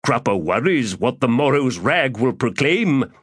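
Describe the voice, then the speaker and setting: A flowery, self-important schemer holding court at a tavern table, as a man voices him in an audiobook. His pitch swoops and dances through long archaic phrases, and the sound is close and dry. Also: sing-song, a little slow, husky, no echo. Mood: theatrical. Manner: grandiloquent archaic speech, refers to himself in third person. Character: pompous, florid, chubby male schemer. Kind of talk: audiobook character voice.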